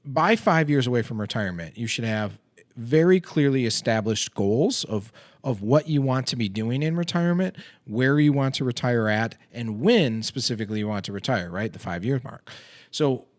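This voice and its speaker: A man's voice: medium pitch, animated, normal speed, no room sound. A man in his thirties hosting a casual podcast, a chatty, self-deprecating storyteller who uses lots of fillers. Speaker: podcast host and financial advisor. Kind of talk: casual chat over a beer.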